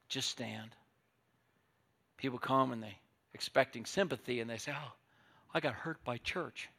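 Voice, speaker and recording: An older man preaching a sermon as pastor, telling stories, moving from quiet asides to loud emphatic points. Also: fairly high pitch.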